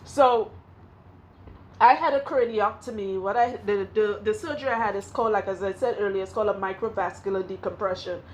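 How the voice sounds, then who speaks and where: A woman's voice: medium pitch, fast, few pauses, slight background noise. A woman with a Trinidadian accent telling an emotional personal testimony, candid and rambling, often restarting her sentences. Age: 20s at surgery, now older. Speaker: hairstylist and vlogger.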